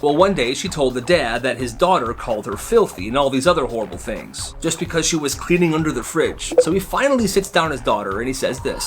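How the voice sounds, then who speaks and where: A man's voice: mid-range voice, very animated, fairly quick, hardly any pauses, background noise. A man narrating stories in a casual, chatty way with lots of asides.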